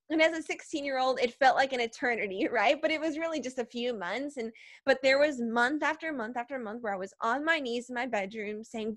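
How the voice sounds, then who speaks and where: A woman guest on a faith podcast, telling her story in a lively way, acting out her past thoughts and often asking 'right?'. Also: high voice, normal speed, no echo, clean studio sound. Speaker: podcast guest, preacher and speaker.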